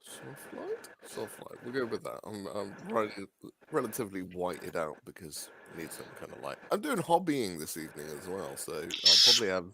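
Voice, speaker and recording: A man's voice: sits low, big pitch swings, fairly quick, background noise. A man guesting on a casual live chat, playful and jokey, laughing a lot. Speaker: guest on a livestream.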